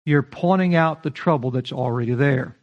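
A man's voice: mid-range voice, moderate pace, muffled recording. A male pastor, preaching a verse-by-verse sermon in a folksy, emphatic way and joking with his congregation. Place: church sanctuary.

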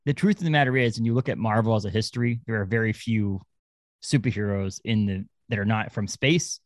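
A man co-hosting a podcast in casual chat, rambling and animated, often restarting his sentences. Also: lowish voice, fairly quick, no echo. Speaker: podcast co-host.

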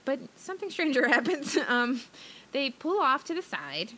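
Woman co-host, casual movie recap, rambling and giggly, bright tone. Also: high-pitched, very animated, moderate pace. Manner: rambling, chatty, giggly, many fillers. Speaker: podcast co-host.

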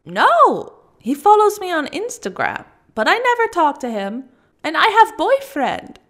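A woman voicing a frightened, furious young Russian woman who shouts in clipped, broken English. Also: on the high side, expressive, a little slow.

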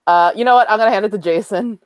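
A woman's voice: mid-range voice, rapid-fire, no room sound, clean studio sound. A woman playing a tabletop role-playing game, describing her character in a chatty, rambling way. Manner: chatty, rambling with many fillers. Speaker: player.

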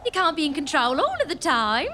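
A woman's voice: high voice, sing-song, a little fast, sharp tone, slight background noise, exaggerated voice. A woman playing a flirtatious, giggly queen and mother in a comedy audio drama, sing-song in manner. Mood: wistful.

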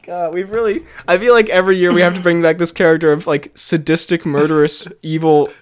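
A man's voice: a little high, steady tone, fairly quick. A man co-hosting a comedy podcast, giggly and apologetic, rambling with many fillers. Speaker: podcast co-host.

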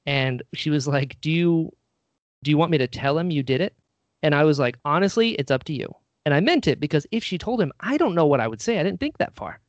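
A man's voice: on the high side, expressive, brisk, dry recording, dull audio. A man telling a story in casual chat, animatedly acting out what people said.

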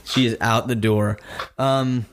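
A man's voice: medium pitch, steady tone, slow pace, slight background noise. Man narrating as game master. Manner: vivid descriptive narration with fillers.

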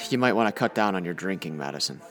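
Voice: deep voice, sing-song, fairly quick, fairly bright tone, faint music behind. An actor playing a wry newspaper reporter in an old-time radio-drama style, talking in clipped period slang. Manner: wry, clipped 1940s patter.

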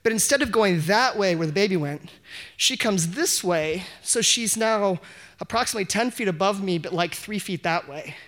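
A man telling an unscripted story at a live event, animated and self-mocking, often breaking into laughs. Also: high voice, normal speed. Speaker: audience member telling a story. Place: live event before an audience.

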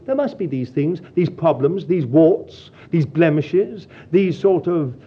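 Earnest male preacher, slightly high and husky voice, dull lo-fi sermon tape. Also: animated, slow pace. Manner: earnest, pastoral, addresses listeners as dear child of God.

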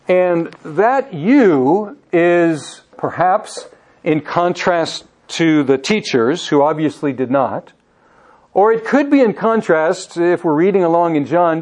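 A man's voice: fairly high pitch, a little mellow. A man preaching a sermon, reading scripture aloud with emphasis and putting questions to his listeners. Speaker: pastor.

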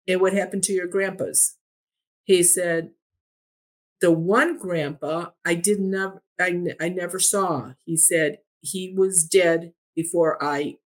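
A woman telling a story in a podcast conversation, retelling a back-and-forth dialogue line by line with a steady "I said, he said.". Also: fairly low pitch.

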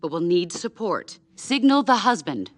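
An actress voicing a calm female emotion who leads a mother's mind and plans dryly. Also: on the low side, moderate pace. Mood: scheming.

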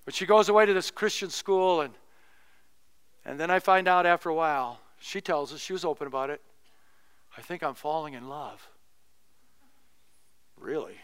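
A middle-aged man preaching from the pulpit with a high, ringing voice. He tells a personal story casually and with humor, his tone clear and smooth throughout. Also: fairly quick, a bit bright. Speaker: pastor. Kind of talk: sermon.

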